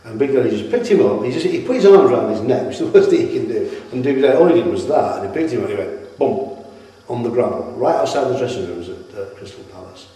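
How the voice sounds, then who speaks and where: A middle-aged man spins animated stories, restarting his sentences often. His voice sits mellow and dark. The echoey room and distant mic give it a long, roomy tail. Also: mid-range voice, fast talker. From Britain. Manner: rambling, animated, with many restarts. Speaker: retired wrestler interviewee. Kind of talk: anecdotal interview storytelling. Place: at his home.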